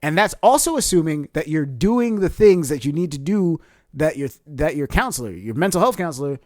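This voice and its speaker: Animated man telling a story with lots of laughs. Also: a little high, a little fast, no echo, studio quality. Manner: animated, laughs often, acts out quotes. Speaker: podcast co-host. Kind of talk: casual storytelling chat.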